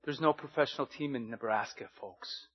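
A man's voice: medium pitch, moderate pace, husky, muffled recording. A man preaching a sermon as pastor, earnest and fond of repeated rhetorical questions.

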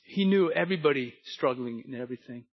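A man preaching a sermon, telling a story and moving between hushed and emphatic delivery. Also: mid-range voice, expressive, fast, slightly rough, muffled recording.

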